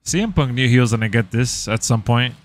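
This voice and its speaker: A man hosting a live watch-party stream, reacting to the show with excitable, slangy commentary. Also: mid-range voice, brisk. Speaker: livestream reaction host.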